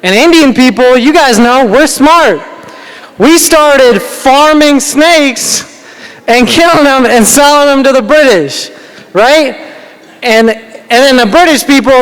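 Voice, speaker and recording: A man's voice: very high voice, animated, slow pace, fairly bright tone, clean tone. A man from the United States doing a stand-up comedy set, rambling and self-deprecating, often laughing at his own jokes. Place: large banquet hall. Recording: reverberant hall.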